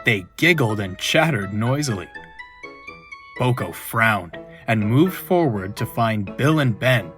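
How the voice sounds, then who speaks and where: A man narrating a children's storybook, slow and expressive. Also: lowish voice, soft background music.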